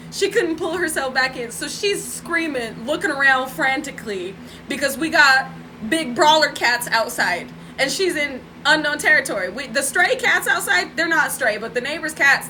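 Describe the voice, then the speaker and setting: A chatty woman tells a story on a home live stream, laughing and turning to her viewers as she goes. Her voice sits high and sounds bright and sharp. A faint hum of the room sits underneath. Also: low-quality recording. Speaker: spiritual vlogger.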